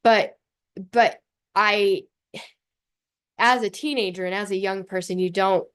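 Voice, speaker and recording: Middle-aged woman host, candid storyteller, blunt and animated, casual profanity, mid-range voice. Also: medium pitch, measured pace, clear, resonant tone. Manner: animated and blunt, swears casually, laughs often; talks in loose run-on phrases with many fillers. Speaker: podcast host.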